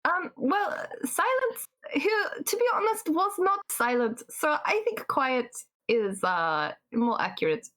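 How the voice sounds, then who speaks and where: A woman's voice: sits high, big pitch swings, slow pace, fairly bright tone. A woman playing a tabletop game, speaking politely and hesitantly with frequent fillers. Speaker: player. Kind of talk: tabletop role-play.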